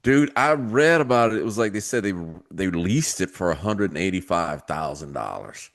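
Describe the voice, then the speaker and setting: A man co-hosting a podcast, chiming in with relaxed asides and quick comments. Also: low voice. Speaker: podcast co-host. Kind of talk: casual chat.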